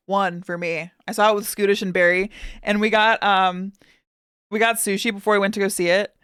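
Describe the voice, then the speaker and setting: A woman with a Chicago accent, chatting as a streamer in an excitable, rambling way. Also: mid-range voice, a little fast, clean tone, dry recording, clean studio sound. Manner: excitable, rambling, often laughing. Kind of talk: casual reaction stream chat.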